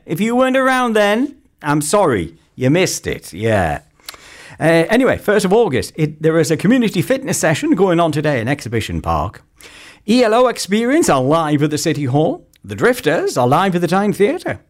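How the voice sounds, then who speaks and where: A man presenting a weekend local radio show in a chatty, jokey way from a studio mic. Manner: chatty and jokey, pitch leaping up and down. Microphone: close studio mic.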